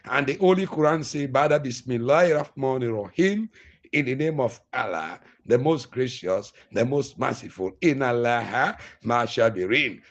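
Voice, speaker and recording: A man's voice: medium pitch, animated, normal speed. A man with a Sierra Leonean accent giving a political speech to his fellow citizens, full of long rhetorical lists. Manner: oratorical, repetitive lists. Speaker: political speaker.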